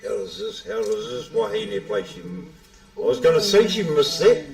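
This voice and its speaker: A man's voice: a little high, normal speed, gravelly. Easygoing New man commentating pool. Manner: relaxed banter, calls everyone bro. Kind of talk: casual live commentary. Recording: echoey room.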